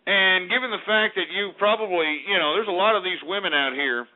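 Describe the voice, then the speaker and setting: A high-voiced man rants on a talk radio show, combative and insistent, hammering his points with repeated tags. The sound is thin and narrow, like a telephone line. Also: fairly quick. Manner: combative and ranting, with many repeated "all right?". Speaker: radio host. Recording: tinny phone-like audio.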